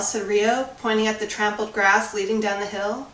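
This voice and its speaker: A woman author reading her children's story aloud with expressive, measured storytelling. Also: medium pitch. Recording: roomy, distant recording.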